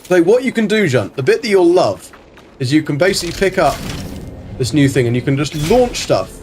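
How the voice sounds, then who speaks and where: A man's voice: a little high, big pitch swings, fairly quick, a little mellow, slight background noise. A man casually commentating a game on a live stream, chatting to viewers, swearing freely and greeting them by name. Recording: faint background music.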